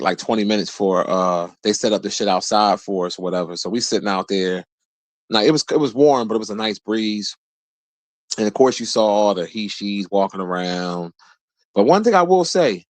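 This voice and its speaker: A man in his forties telling a rambling, profane story in a casual rant, his voice jumping high whenever he quotes someone. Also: no echo. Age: 40s. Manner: profane, animated, jumps high when quoting people. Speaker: streamer host.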